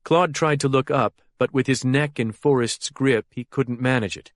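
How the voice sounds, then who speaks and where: A man narrates a thriller audiobook at medium pitch and moderate pace, keeping his storytelling steady and even. The scripted narration is a dry, studio-quality recording.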